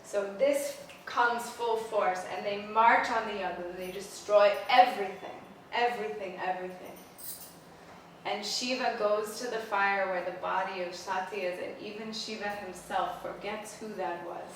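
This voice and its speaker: A woman spiritual teacher giving a casual, animated storytelling lecture outdoors beside a temple. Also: medium pitch, normal speed, a little hiss or hum. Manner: casual, animated, many "like" fillers. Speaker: spiritual teacher, pilgrimage leader. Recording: echoey space, voice from a distance.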